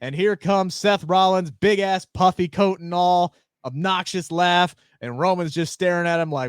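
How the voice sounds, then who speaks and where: A man co-hosting a casual wrestling podcast, opinionated and animated, swearing freely into a close mic. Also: high-pitched, normal speed, smooth, no echo. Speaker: podcast co-host.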